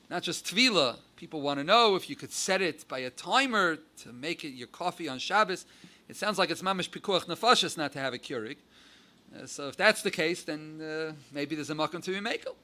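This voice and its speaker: A man from the United States with an American accent mixed with Yiddish and Hebrew terms, giving a halacha lecture with animated, rising emphasis. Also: on the high side. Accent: American English with Yiddish and Hebrew terms. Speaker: rabbi giving a Torah class.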